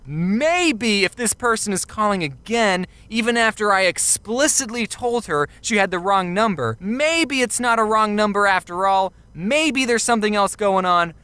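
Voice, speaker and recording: A young man narrates a comic story with a wry, deadpan delivery, his voice bright and lively in pitch. The recording is dry and close. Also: moderate pace, few pauses, smooth, no echo. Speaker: animated storyteller. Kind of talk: scripted comedic narration.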